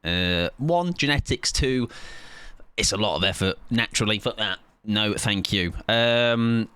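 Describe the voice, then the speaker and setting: A man's voice: fairly low pitch, a little slow, bright, forceful tone, clear, resonant tone, no echo. A man in his thirties chatting casually and joking with his audience while streaming a game. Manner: joking, self-mocking banter with chat. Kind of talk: casual chat while gaming.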